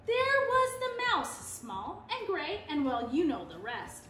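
Animated woman reading a picture book. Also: sits high, a little slow, reverberant, soft background music. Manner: expressive, animated read-aloud. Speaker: storyteller.

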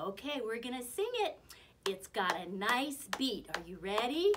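A woman leading a children's story time, singing and talking slowly in an exaggerated, sing-song way. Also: fairly high pitch, expressive, a bit bright, husky. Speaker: children's librarian.

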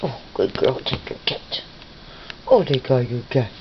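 A woman's voice: extremely low pitch, a little slow. A woman filming her pets at home and chatting to them in a teasing, sing-song way. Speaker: pet owner filming her birds. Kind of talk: casual talk to pets while filming. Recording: dull lo-fi home video with steady noise.

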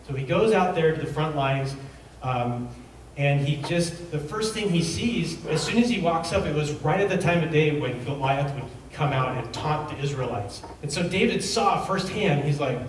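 A man's voice: a little high, expressive, measured pace. Middle-aged guy preaching in a big echoey church, kinda rambly and chatty, a little faint hum behind. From Reno, Nevada, USA. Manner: casual, rambling storytelling with acted-out quotes. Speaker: pastor. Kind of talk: sermon. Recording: very echoey hall, mic at a distance.

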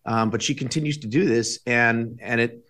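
A middle-aged man speaking as a guest commentator on a talk show, measured and halting, with frequent restarts. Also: mid-range voice, steady tone, a bit bright. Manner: measured, with many restarts and fillers. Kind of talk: casual political commentary.

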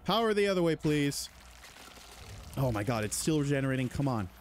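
This male gaming host does let's-play commentary in a sing-song, medium-pitched voice, talking fairly quickly but with long pauses. He's panicky and jittery, addressing the on-screen enemies as he plays, and there's a slight hiss or hum in the audio.

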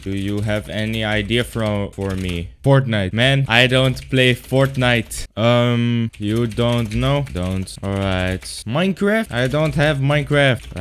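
Excitable swearing gamer guy. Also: medium pitch, a little hiss or hum. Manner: excitable, swears, yells in sudden outbursts. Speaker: gaming YouTuber. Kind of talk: casual game commentary.

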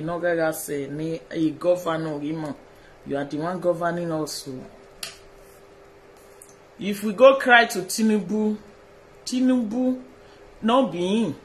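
A high-pitched man from Edo State, Nigeria, a social media personality with a Nigerian accent, records a video message speaking straight to the viewer. He pleads deferentially, repeating his phrases and blending pidgin with colloquial English.

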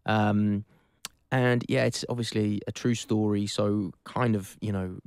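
A man's voice: on the low side, steady tone, measured pace, creaky, darkish tone, smooth, no room sound, studio quality. A Welsh actor in his thirties chatting in an interview, reflective and self-deprecating with many fillers. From Wales. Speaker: actor guest. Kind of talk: casual interview chat.

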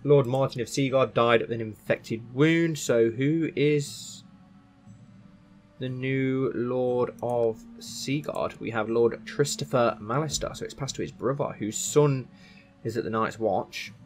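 A man's voice: medium pitch, slow pace, faint music behind. A man casually commentating on his strategy game and thinking aloud. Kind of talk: casual let's-play commentary.

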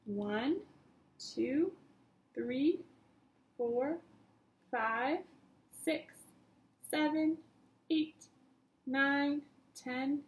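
A woman teacher reads a storybook aloud to small children, pausing to count each number together with them. Her voice sits high and her delivery is unhurried and sing-song. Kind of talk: read-aloud lesson for young children.

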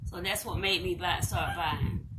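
A woman's voice: fairly low pitch, steady tone, a little slow. A middle-aged woman chatting casually to viewers in a haul video, repeating herself and calling them y'all. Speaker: vlogger. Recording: echoey room, mic at a distance, loud noise.

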